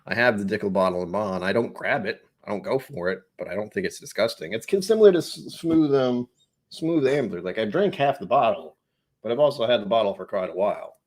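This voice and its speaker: Young male livestream host, slightly low voice, loose and jokey, addresses viewers by name. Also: lively intonation, brisk, darkish tone. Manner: rambling, jokey, talks to chat viewers by name. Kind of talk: casual live-stream chat reading comments.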